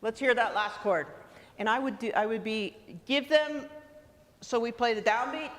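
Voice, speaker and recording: A woman conducting a student wind band, energetic and encouraging, singing parts aloud between instructions. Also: on the high side, normal speed. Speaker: guest conductor. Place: large theatre stage. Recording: echoey hall with long reverb.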